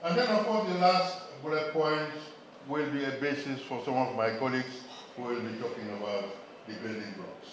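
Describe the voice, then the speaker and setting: A man's voice: mid-range voice, moderate pace, a little hiss or hum. A man from Gambia giving an emphatic public health lecture at a symposium, putting questions to the audience. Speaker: symposium speaker. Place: conference hall. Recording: very echoey hall.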